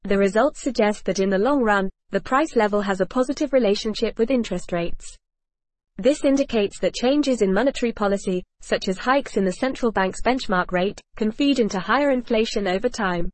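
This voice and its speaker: A woman's voice: mid-range voice, a little fast, dry recording. A woman co-hosting a scripted podcast discussion, with a polished, upbeat synthetic delivery. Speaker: podcast co-host.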